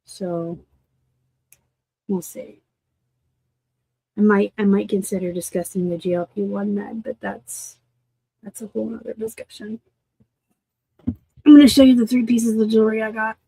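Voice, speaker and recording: A woman from Arizona hosting a casual live unboxing of thrift finds, chatty and quick to laugh at herself. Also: mid-range voice, little pitch movement, gravelly, mellow, slight background noise. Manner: chatty, laughs easily, self-deprecating asides. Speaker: reseller host.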